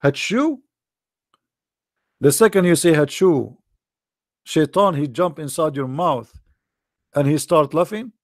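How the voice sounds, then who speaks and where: A man giving a sarcastic, scoffing monologue, slowing right down whenever he reads a quote aloud. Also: fairly high pitch, lively intonation, no echo, studio quality. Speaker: online commentator. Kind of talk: mocking monologue commentary.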